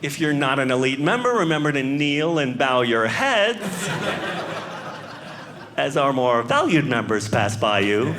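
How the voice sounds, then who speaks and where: A man's voice: mid-range voice, sing-song, measured pace. A man playing a condescending male airline gate agent with a sneering, mock-formal announcement manner. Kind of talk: stand-up bit. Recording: live comedy club, audience laughter and noise.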